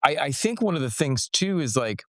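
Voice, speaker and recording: Male podcast host, lively up-and-down delivery, chatty storyteller who laughs easily, dry studio mic. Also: on the high side, moderate pace, no echo. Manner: animated storyteller, laughs often, lots of "like". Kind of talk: casual podcast conversation.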